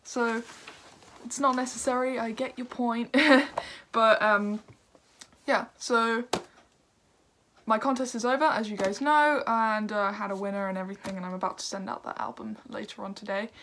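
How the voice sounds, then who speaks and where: A woman's voice: a little high, steady tone, moderate pace, a bit bright, a little hiss or hum. A young woman reviewing a record on her video channel, chatty and upbeat, with lots of fillers and little laughs. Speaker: music reviewer.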